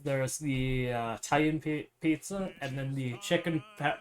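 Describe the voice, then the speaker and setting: A man's voice: mid-range voice, a little slow. A man with a put-on Irish accent chatting casually to his livestream viewers while cooking. He swears often and laughs a lot. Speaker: streamer.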